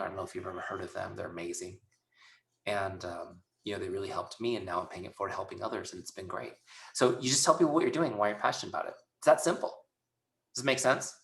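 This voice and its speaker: A low, gravelly man's voice with a bright edge, leading a casual sales training over a video call. He keeps acting out little exchanges with clients and customers. The sound is echoey, as if he is in a hard-walled room. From Southern California. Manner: chatty, acts out both sides of conversations. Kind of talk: webinar training talk.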